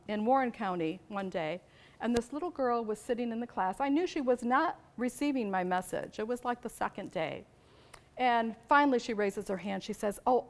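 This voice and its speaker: A woman giving an animated storytelling talk to an audience about teaching teenagers, asking questions and rising to emphatic peaks. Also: fairly high pitch. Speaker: abstinence educator speaking to a church group.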